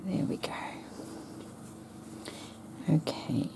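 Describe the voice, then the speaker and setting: A woman chatting softly and thinking aloud as she stitches a craft project, with the hiccups. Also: in a whisper. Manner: slow, soft-spoken, thinking aloud while sewing. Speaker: craft vlogger. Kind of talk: casual stitching chat.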